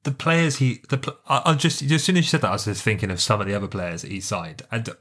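A man's voice: on the low side, fast, fairly bright tone. A man co-hosting a football podcast in casual chat, telling jokey stories and swearing freely. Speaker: podcast co-host.

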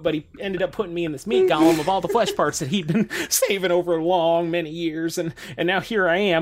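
A woman playing a tabletop role-playing game in character, rambling, stumbling over her words and giggling. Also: lowish voice. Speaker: player.

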